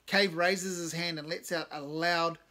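A man's voice: on the high side, steady tone, a little slow, bright, forceful tone. A man reading his own first-person short story, with wry, self-deprecating asides.

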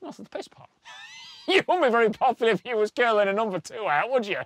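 Animated man spinning yarns. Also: very high-pitched, fast. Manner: blunt, swears, laughs through his stories. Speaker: documentary presenter. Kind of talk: casual storytelling to camera.

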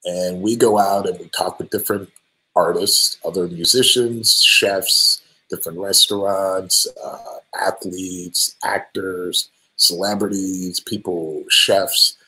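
A band singer answering fan questions on a live stream, friendly and relaxed, with many ums and restarts. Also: male voice, low voice, slow pace, low-quality recording. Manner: friendly, thanks each fan by name.

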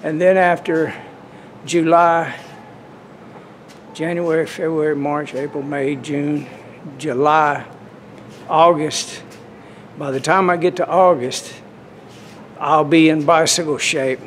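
A man's voice: a little high, fairly even intonation, slow pace, pauses often, slight background noise. A man, chatting casually to camera in a folksy, rambling way at a swimming pool. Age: 60s. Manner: rambling, folksy, restarts often. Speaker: vlogger.

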